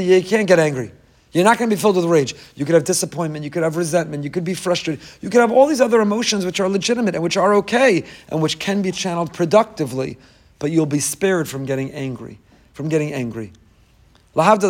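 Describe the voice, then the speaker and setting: Emphatic man giving a lively Torah lecture. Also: on the high side, brisk. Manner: emphatic, repeats key phrases, joking asides. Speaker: rabbi teaching a class.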